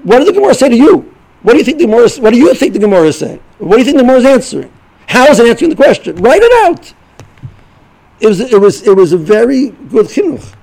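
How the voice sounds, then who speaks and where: A middle-aged man giving an informal Torah lesson, halting and repeating words as he restarts sentences. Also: extremely high pitch, big pitch swings, vocal fry, mellow, low-quality recording. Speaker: yeshiva rebbe giving a shiur.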